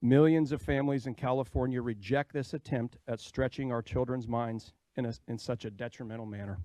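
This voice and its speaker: A man's voice: medium pitch, steady tone, brisk, warm tone, no room sound. A man giving a firm, prepared public comment as a parent at a state hearing.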